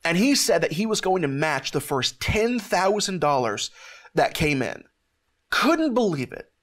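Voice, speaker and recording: A fairly high-voiced man speaks with halting earnestness, stumbling and restarting as he gives a heartfelt testimony. He is close to tears as he talks. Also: animated, a bit bright. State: near tears. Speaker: host of a ministry show. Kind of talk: emotional testimony to camera.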